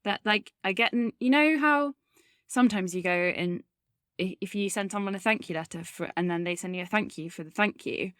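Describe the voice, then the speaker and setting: A woman's voice: medium pitch, a little fast, a bit bright, smooth, no room sound, clean studio sound. A woman co-hosting a podcast in casual chat, giggly and self-deprecating as she tells anecdotes. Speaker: podcast co-host.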